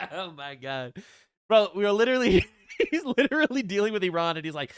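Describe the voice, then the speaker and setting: A man's voice: high voice, very animated, a little fast, clean tone, dry recording, clean studio sound. A man doing reaction commentary, sarcastic and mocking, often laughing at what he reads. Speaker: online political commentator.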